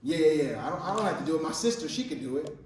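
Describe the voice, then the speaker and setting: A man voicing a reluctant Moses who keeps passing his duty to other people with quick, excited excuses. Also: on the high side, slight background noise, lightly acted. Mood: dodging. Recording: echoey room from far off.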